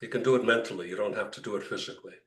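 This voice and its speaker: A man's voice: lowish voice, very fast, a bit bright. A man, a rabbi, leading an interactive class, telling jokes and often repeating words as he thinks. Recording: echoey room, mic far off.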